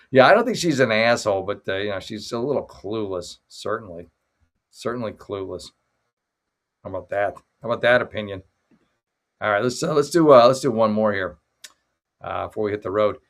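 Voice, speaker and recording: A man's voice: on the low side, lively intonation, normal speed, long pauses. A middle-aged man hosting a late-night livestream from his father's home office on a makeshift mic, rambling and joking as he thanks viewers by name. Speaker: livestream show host. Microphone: makeshift desk mic setup.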